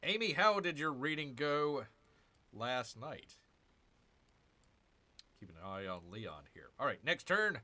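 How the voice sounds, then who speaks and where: A man's voice: mid-range voice, big pitch swings, slow, pauses often, bright, forceful tone. A man hosting a casual let's-play, chatting with viewers and muttering to himself over his moves. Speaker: gaming channel host.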